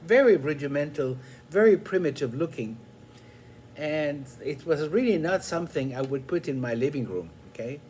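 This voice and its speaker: An older man telling a personal story in an unhurried, reflective way, pausing often with small fillers. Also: fairly high pitch, lively intonation, a little mellow, slight background noise.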